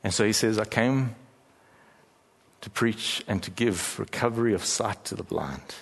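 A middle-aged male pastor preaches with a fairly low voice and a storyteller's sense of timing. He stretches out key phrases and pauses for weight. The sound rings with the long reverb of a large church hall. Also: creaky, slightly rough. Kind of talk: sermon.

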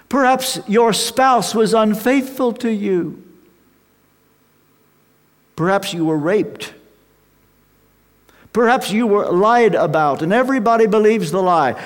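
An older man preaching a sermon, slow and emphatic with dramatic pauses. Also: sits high. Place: large hall with an audience. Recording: reverberant hall sound.

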